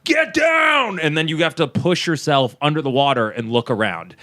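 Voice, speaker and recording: Brief: male comic guest, bright forceful tone, animated profane storyteller. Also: medium pitch, fairly quick. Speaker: comedian guest. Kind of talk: casual podcast storytelling. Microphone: studio mic.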